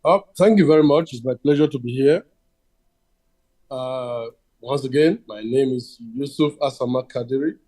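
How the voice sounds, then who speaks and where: A Nigerian man introduces himself as a guest lawyer on a video call. He talks in a measured way, pausing and restarting often. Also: medium pitch, mellow.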